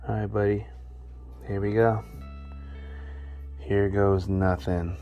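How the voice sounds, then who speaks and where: Male keeper, low easygoing voice, slow unhurried delivery, faint guitar underneath. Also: monotone, muffled recording. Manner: laid-back, talks softly to his snakes. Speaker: snake keeper showing his collection. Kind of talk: casual vlog chat. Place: indoor snake room.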